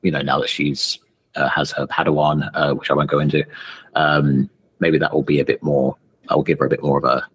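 A man's voice: a bass voice, flat delivery, brisk, fairly bright tone, husky. A man co-hosting a podcast, chatting casually in a wry, playful way. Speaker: podcast co-host. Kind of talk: casual chat.

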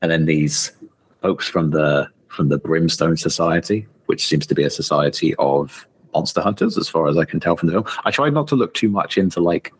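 Deep husky man, podcast co-host. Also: animated, normal speed. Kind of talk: casual chat.

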